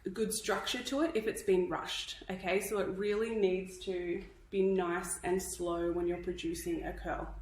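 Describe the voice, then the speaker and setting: A woman's voice: fairly low pitch, steady tone, normal speed, hardly any pauses, a little mellow, echoey room, poor audio. A woman from Australia teaching hairstyling in a live tutorial, chatty and instructive, a little out of breath. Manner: chatty, instructive, checks in with "okay?". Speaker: hairdressing educator.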